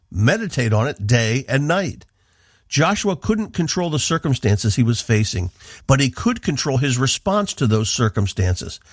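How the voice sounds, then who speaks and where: A man from the northeastern United States, hosting a radio program with earnest, measured devotional Bible teaching. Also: mid-range voice, no room sound, clean studio sound.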